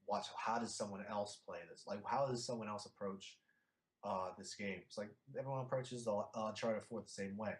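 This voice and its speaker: A young man from Philadelphia, a guest in a casual interview, talking haltingly with many fillers and restarts. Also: fairly low pitch, fairly even intonation, reverberant.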